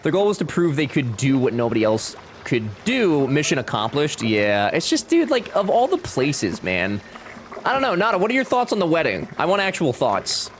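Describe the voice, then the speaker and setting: A man's voice: a little high, wildly swooping pitch, normal speed, a little hiss or hum. A young man chatting casually with his live-stream chat while playing a game, joking and talking back to viewers.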